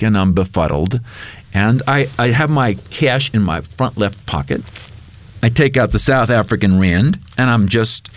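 A man being interviewed as a guest author, telling a story with lively, acted-out dialogue. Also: fairly low pitch, dry recording. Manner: lively storyteller who acts out quoted dialogue.

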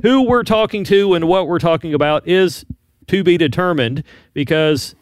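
A man reading and discussing news on a radio talk show in a brisk, informative, lightly wry manner. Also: on the high side, smooth, no room sound.

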